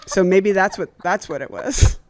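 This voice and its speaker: A woman co-hosting a comedy podcast, chatting casually and joking with quick bursts of laughter. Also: mid-range voice, no room sound. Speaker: podcast co-host.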